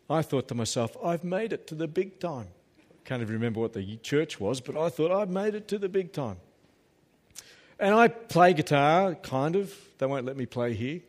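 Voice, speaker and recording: A man preaching a sermon as pastor, emphatic and peppered with humorous asides. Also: mid-range voice. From Australia. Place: church hall. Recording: reverberant church hall.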